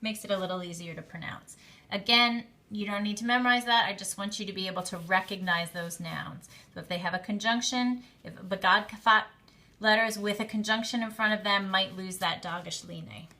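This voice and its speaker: A woman's voice: mid-range voice, fairly quick, sharp tone. A woman teaching a class on Hebrew grammar, explaining step by step in a patient way with some fillers.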